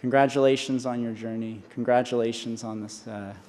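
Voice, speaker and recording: Brief: man, 40s, earnest graduation speaker, mid-pitched voice, podium mic, long hall echo. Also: steady tone, fairly quick, darkish tone, a little hiss or hum. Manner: earnest, with restarts and repetitions. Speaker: honorary doctorate speaker. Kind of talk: commencement speech. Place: large convocation hall.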